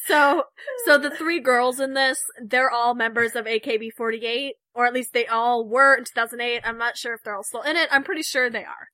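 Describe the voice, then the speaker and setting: A woman's voice: on the high side, steady tone, brisk, few pauses, bright, forceful tone, no room sound. A young woman co-hosting a podcast, chatting casually, laughing and retelling stories with animation. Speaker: podcast co-host.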